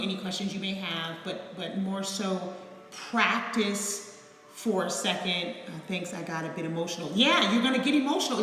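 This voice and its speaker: Bright-voiced woman teaching meditation, echoey. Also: medium pitch. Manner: candid and chatty, blunt with mild swearing. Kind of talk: casual live video instruction. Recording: echoey room with long reverb and faint music.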